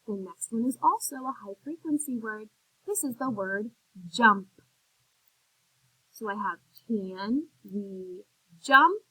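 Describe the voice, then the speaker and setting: A woman teaching a recorded phonics lesson to young children, sounding out words slowly and clearly in an encouraging teacher's manner. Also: on the high side, pushed and bright, no echo, poor audio.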